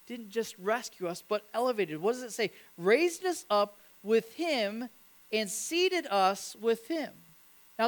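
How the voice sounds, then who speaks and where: A middle-aged man preaching a sermon in church, telling stories with lively acted-out voices and repeated phrases. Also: very high voice. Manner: animated storytelling, acts out voices, repeats phrases. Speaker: pastor.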